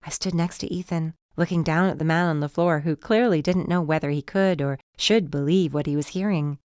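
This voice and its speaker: A woman narrating a mystery audiobook in the first person, in a tense, measured storytelling manner. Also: deep voice, fairly even intonation, darkish tone, clean tone, dry recording, studio quality.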